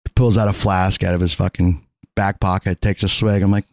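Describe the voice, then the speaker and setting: A man's voice: sits low, little pitch movement, brisk, darkish tone, no echo, clean studio sound. A man on a podcast telling a story in casual chat, acting out the quotes, laughing often and swearing freely. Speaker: podcast co-host; fair security worker.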